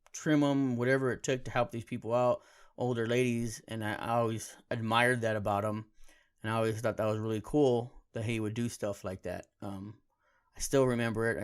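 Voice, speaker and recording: A man hosting a podcast on his own, telling personal stories in a laid-back, heartfelt way, peppered with casual slang. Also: medium pitch. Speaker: podcast host. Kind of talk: casual solo podcast storytelling.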